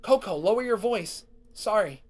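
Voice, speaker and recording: A man's voice: high-pitched, lively intonation, normal speed, voice pushed up. A man voicing a proud, blunt young female pony who hides her feelings. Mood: guarded. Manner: curt and blunt.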